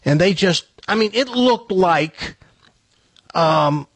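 A man telling a long funny anecdote in a casual, animated way, with stumbling restarts. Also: sits high, takes it slowly, breathy edge, dry recording.

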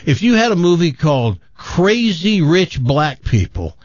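A man's voice: on the high side, big pitch swings, no echo, dull audio. A man hosting a radio show, chatting casually in a blunt, joking way. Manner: blunt, joking, quick to dismiss.

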